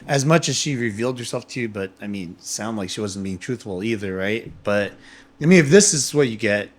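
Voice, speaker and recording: A man's voice: on the low side, animated, a little fast. A man hosting a podcast in casual chat, hesitant and hedging his remarks with fillers. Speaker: podcast host.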